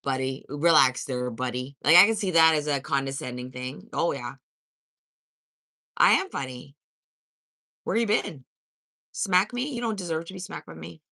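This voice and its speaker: Fifties lady on a livestream, swears a lot, bright voice that jumps all over, dry close sound. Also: low voice, lively intonation, moderate pace, creaky, long pauses, no room sound. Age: 50s. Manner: blunt, profane and sassy. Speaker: livestream host. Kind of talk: casual live-stream chat, answering viewer comments.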